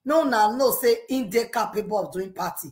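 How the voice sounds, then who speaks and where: Nigerian woman, high voice, heated rant, pidgin, scolding. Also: brisk. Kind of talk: ranting monologue.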